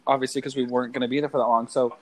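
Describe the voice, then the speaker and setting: Animated young man telling funny stories. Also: medium pitch, very fast. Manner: animated, joking storyteller. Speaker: podcast co-host. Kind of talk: casual chat.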